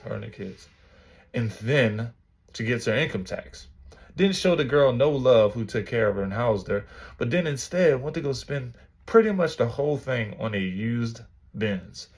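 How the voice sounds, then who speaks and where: A man's voice: medium pitch, slightly rough. A man hosting a podcast, reacting to clips in casual, slangy commentary with laughing asides. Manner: slangy, laughing asides, calls listeners bro.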